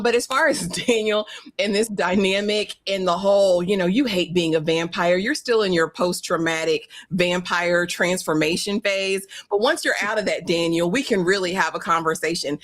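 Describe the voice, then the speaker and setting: A woman's voice: on the low side, fairly bright tone, no echo, studio quality. A woman co-hosting a casual TV recap, chatty and playful, quoting characters. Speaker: podcast co-host.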